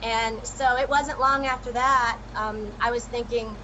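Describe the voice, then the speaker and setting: A woman guest telling her own story in a lively, animated way during a casual chat. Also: a little high, unhurried, lo-fi sound, a little hiss or hum.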